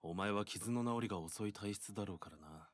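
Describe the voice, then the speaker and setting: A man voicing a composed, long-lived male vampire doctor in a brisk, matter-of-fact way in a visual novel. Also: lowish voice, no echo, faint music behind, lightly acted. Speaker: game voice actor.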